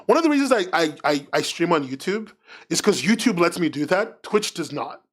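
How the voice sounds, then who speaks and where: A fairly high-voiced man talking on a live stream. He rambles loosely, frank and self-mocking, and keeps the chat loose and unscripted. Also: big pitch swings, brisk. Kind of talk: casual livestream chat.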